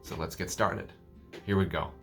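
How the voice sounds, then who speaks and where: A man's voice: sits low, moderate pace, fairly bright tone, soft background music. A man from the United States with an American accent, teaching English pronunciation patiently and repeating each word twice. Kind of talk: pronunciation lesson.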